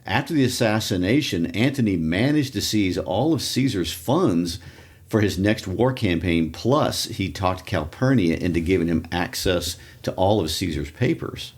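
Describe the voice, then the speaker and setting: A man's voice: low-pitched, expressive, moderate pace, slightly rough. A man co-hosting a literature podcast, adding wry asides and historical notes. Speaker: podcast co-host.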